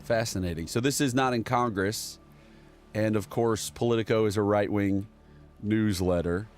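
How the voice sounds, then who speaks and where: Sarcastic low-voiced male political streamer. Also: normal speed, darkish tone, soft background music. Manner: sarcastic, rambling, reads headlines aloud. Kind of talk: casual political commentary.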